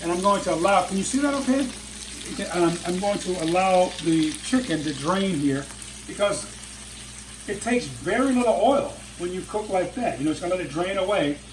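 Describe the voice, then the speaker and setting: A man's voice: high voice, lively intonation, normal speed, rough recording. Chatty older man cooking in a kitchen. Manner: chatty and enthusiastic, talks straight to viewers. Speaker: home cooking show host. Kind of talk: casual cooking demonstration. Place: home kitchen, frying food. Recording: sizzling frying noise behind. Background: sizzling pan and kitchen sounds.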